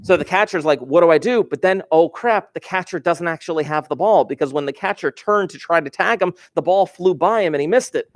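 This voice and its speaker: A man's voice: on the high side, fairly quick, hardly any pauses. Chatty male teacher telling classroom stories. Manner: chatty, digressive, asks the class questions. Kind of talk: classroom lecture, storytelling.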